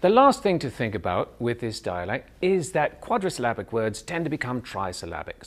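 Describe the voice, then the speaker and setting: A man's voice: mid-range voice, sing-song, moderate pace, few pauses. A man with a Canadian accent, working as a dialect coach and teaching an accent tutorial. He explains step by step and breaks off to demonstrate sounds.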